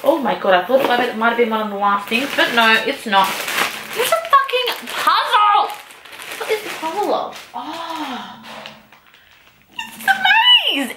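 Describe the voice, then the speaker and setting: A young woman vlogger chatting excitedly through an unboxing, gushing and exclaiming, with casual swearing. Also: medium pitch. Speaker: book vlogger. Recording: echoey room, faint noise.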